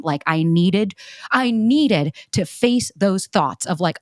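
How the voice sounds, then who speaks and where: A woman in her thirties hosts a podcast in casual chat, with a mid-pitched voice. She is emphatic and outspoken, swears freely, and acts out quotes. The sound is close and dry. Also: animated, slow pace, no echo. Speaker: podcast host.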